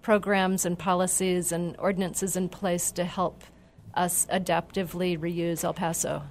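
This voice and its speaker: A woman's voice: on the low side, little pitch movement, measured pace, slight background noise. A woman city official on a radio show, giving information in a matter-of-fact way. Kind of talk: radio interview answer.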